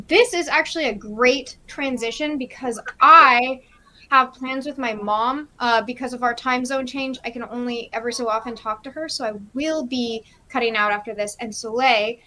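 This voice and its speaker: A woman's voice: a little high, bright, forceful tone. A woman co-hosting a live reading stream, chatting with enthusiasm, laughing often and using many fillers. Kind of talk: casual chat.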